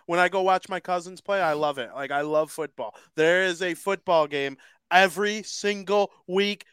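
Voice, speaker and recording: A man hosting a casual sports podcast, joking and excitable as he talks. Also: high voice, moderate pace, clean tone, no echo. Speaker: podcast host.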